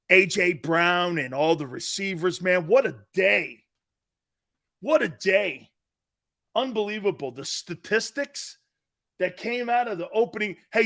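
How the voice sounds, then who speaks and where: Animated man ranting on sports talk. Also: high voice. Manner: loud, animated, bantering rants. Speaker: sports talk show host.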